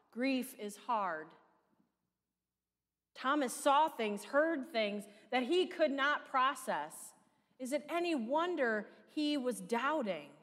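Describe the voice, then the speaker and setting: A woman's voice: fairly high pitch, fairly bright tone. Midwest lady pastor preaching, lots of questions to the room, long church echo. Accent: American Midwest. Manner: conversational preaching with rhetorical questions. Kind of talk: sermon. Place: church sanctuary.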